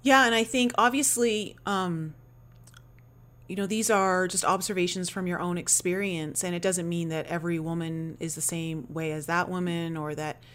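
Chatty, animated woman podcast host. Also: on the low side, moderate pace. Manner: animated, chatty, frequent "like" and "you know". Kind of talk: casual interview chat.

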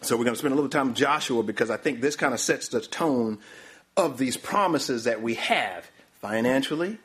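A man's voice: medium pitch, animated, normal speed, a bit bright. A man preaching a sermon, often stopping to say "my, my, my" and asking for the next slide. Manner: repeats "my, my, my", calls for the next slide.

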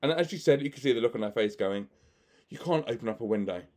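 A man's voice: mid-range voice, lively intonation, fast talker, a little mellow. A man, a magician hosting a podcast, telling chatty stories with frequent laughter and many fillers. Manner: acts out other people's lines in the stories. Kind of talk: anecdotal podcast storytelling.

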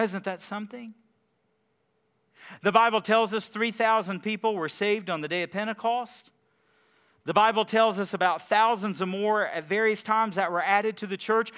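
A man preaching a sermon, swinging from loud emphasis to hushed quiet lines and asking the congregation questions. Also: high voice, moderate pace, clear, resonant tone.

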